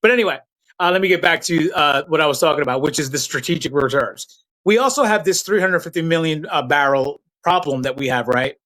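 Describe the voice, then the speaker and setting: A man runs a live political stream, his voice a little high and fairly bright, talking fairly quickly on low-quality audio. Blunt and heated, he speaks right to chat viewers in loose slang, restarting his sentences as he goes.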